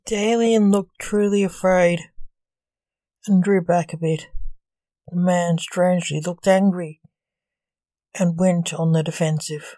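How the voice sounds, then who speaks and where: A woman narrating a gothic story for a podcast in a slow, measured, dramatic manner. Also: fairly low pitch, fairly even intonation, warm tone, dry recording.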